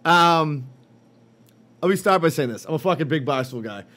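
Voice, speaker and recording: Man, podcast co-host, animated, profane, fairly high voice. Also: moderate pace. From Boston. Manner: animated, swearing, mocking impressions. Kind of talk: casual profane chat.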